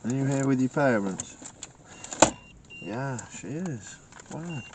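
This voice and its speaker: Sitting in a car at night, a paranormal investigator chats casually, jokes, and laughs often while putting direct questions to the spirits. His mid-range voice is expressive and unhurried, captured on a noisy field recording.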